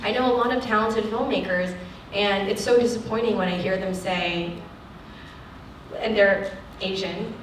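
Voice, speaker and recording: An actress speaking frankly at a lecture, acting out the people she quotes in an animated way. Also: medium pitch, moderate pace, a little hiss or hum. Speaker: actress giving a guest lecture. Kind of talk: candid talk at a lecture Q&A. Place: lecture hall. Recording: echoey hall, distant mic.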